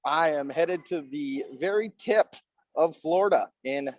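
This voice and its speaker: A man's voice: on the high side, a little slow, darkish tone, no echo. Upbeat man hosting from an airport. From Minnesota. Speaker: podcast co-host. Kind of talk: casual chat.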